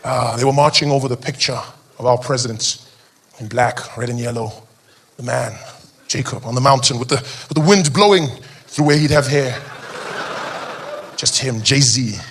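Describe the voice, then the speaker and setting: A man's voice: mid-range voice, normal speed, long pauses. A man from South Africa performing a stand-up comedy routine on stage, telling stories and acting out the people in them. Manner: animated storytelling, voicing people in his anecdotes.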